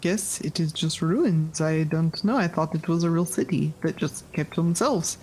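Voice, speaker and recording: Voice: medium pitch, normal speed, a little mellow, a little hiss or hum. Tentative tabletop game player. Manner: tentative, questioning. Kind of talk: casual tabletop game play.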